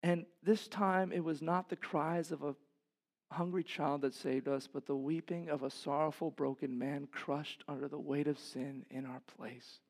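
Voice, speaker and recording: A man preaching a sermon as pastor in a church. He is impassioned, asks the congregation rhetorical questions, and swings from loud, emphatic peaks down to hushed, low passages. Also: flat delivery, normal speed.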